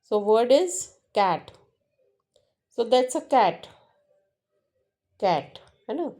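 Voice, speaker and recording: Lady teaching slow, mellow voice, kinda high, lots of uhs and restarts. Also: very animated. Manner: slow and repetitive, with frequent fillers and restarts. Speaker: English teacher. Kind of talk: classroom lesson explanation.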